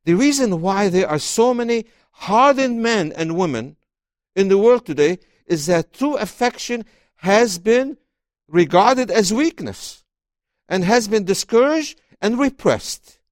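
An author appears as a guest in an interview, discussing his book and reading passages aloud in a high-sitting voice at a measured pace. He's expressive and often repeats words as he starts sentences. The recording is dry and of studio quality.

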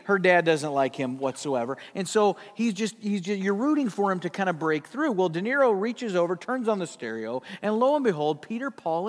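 A man's voice: high voice, fairly bright tone. A man in his fifties, a pastor telling a humorous story as he opens a sermon in a church sanctuary. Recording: long hall reverb.

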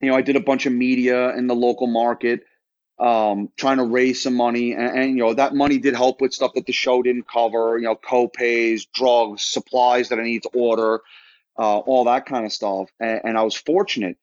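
A man's voice: medium pitch, little pitch movement, normal speed, no echo, highs cut off. A man in his thirties from Florida, a podcast guest telling his story in a casual, rambling way full of restarts and quoted dialogue. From Florida, United States.

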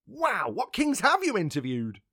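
A dry, announcing voice in a scripted comedy sketch. The tone is bright and the delivery unhurried. The sound is close and dry. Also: mid-range voice, huge pitch swings, no room sound. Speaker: comedy podcast regular.

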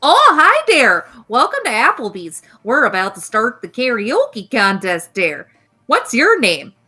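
A woman's voice: fairly high pitch, huge pitch swings, measured pace, bright, forceful tone, husky, faint music behind, exaggerated voice. A woman voicing a cheerful, folksy Midwestern hostess with a Wisconsin accent and a sing-song drawl. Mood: chipper.

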